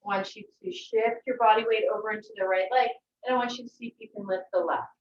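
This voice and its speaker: Woman yoga teacher, calm guiding voice, distant roomy dull video-call sound. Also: fairly high pitch, quick pace, a little hiss or hum. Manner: gentle, encouraging instructions. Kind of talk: guided yoga class. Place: her home.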